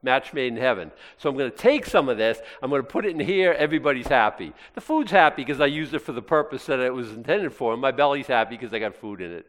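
A man preaching a sermon as pastor, animated and jokey, with playful asides. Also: mid-range voice, moderate pace. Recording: long hall reverb.

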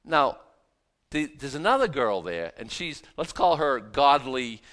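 Male Bible teacher, sermon, animated and chatty, lively rising and falling pitch, mid voice. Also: a little slow. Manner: animated, conversational, repeats words as he talks.

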